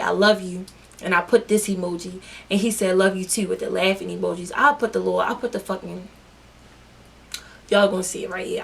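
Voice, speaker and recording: Young woman vlogging a storytime, bright voice, swears a lot, slangy and lively. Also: mid-range voice, gravelly. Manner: animated, profane, slangy storytelling. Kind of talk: storytime vlog.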